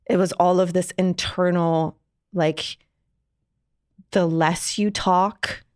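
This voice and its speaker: A woman's voice: fairly low pitch, steady tone, takes it slowly, darkish tone, no room sound, studio quality. A woman from Iran, a podcast guest telling her personal story candidly, reflective and full of "like" fillers.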